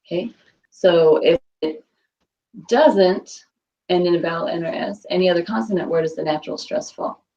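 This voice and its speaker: A woman's voice: on the low side, moderate pace, dark tone, highs cut off. A woman teaching a Spanish class, patiently quizzing students and repeating their answers.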